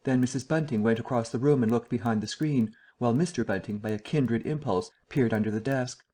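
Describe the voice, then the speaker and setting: A man narrating an audiobook in a steady, even storytelling manner. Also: medium pitch, brisk. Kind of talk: scripted narration.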